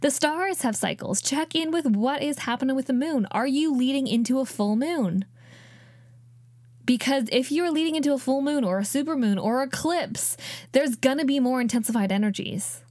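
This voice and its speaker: A woman's voice: high voice, expressive, moderate pace, a little mellow, no room sound, clean studio sound. A young woman hosting a casual solo podcast, chatty and encouraging, with many fillers. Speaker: podcast host.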